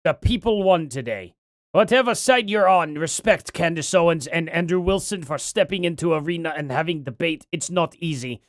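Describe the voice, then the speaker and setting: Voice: medium pitch, expressive, moderate pace, no echo, clean studio sound, lightly acted. A streamer reading out a viewer comment in a mock Russian accent. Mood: earnest.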